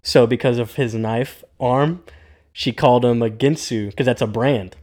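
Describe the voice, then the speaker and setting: A man's voice: medium pitch, steady tone, unhurried, darkish tone. A man co-hosting a casual recap chat, playfully acting out characters' lines. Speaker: podcast co-host.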